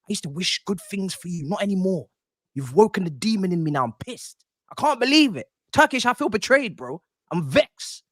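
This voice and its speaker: A man's voice: sits high, big pitch swings, brisk, fairly bright tone, no room sound. A man, a football fan panelist delivering a theatrical, mock-indignant rant.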